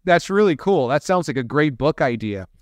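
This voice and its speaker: A man's voice: on the high side, animated, moderate pace, no echo, studio quality. A man hosting a podcast interview, asking upbeat questions. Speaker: podcast host.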